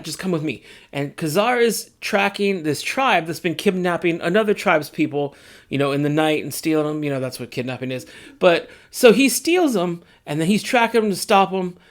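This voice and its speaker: High-voiced man recapping comics, jokey. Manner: animated, jokey, acts out characters in quick asides. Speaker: comic book reviewer and channel host. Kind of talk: casual comic issue recap.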